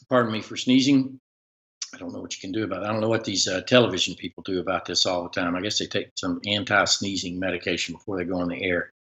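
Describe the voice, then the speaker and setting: A man's voice: deep voice, fairly bright tone, muffled recording. A man hosting a casual live-stream chat as a sports reporter, rambling with many fillers and restarts.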